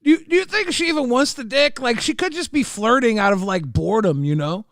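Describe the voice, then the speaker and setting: A man's voice: very high voice, animated, fairly quick, a bit bright, no echo, clean studio sound. A man co-hosting a crude, jokey commentary stream, laughing often and slipping into silly put-on voices. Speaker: co-host.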